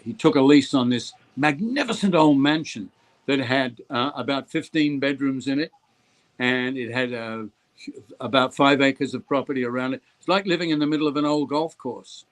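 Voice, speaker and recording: A man's voice: mid-range voice, moderate pace. An older man, a guest actor, tells stories in an interview and acts out the voices of the people he quotes. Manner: animated storyteller who acts out quoted voices. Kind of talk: anecdotal interview storytelling.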